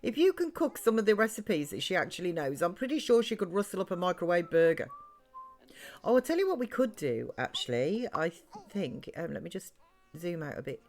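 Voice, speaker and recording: A woman's voice: lowish voice, sing-song, a little fast, darkish tone. A woman chatting her way through a live-streamed life-sim game, rambling between the game and her viewers. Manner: chatty, rambling, talks to chat and game characters. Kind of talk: live-stream gameplay chat.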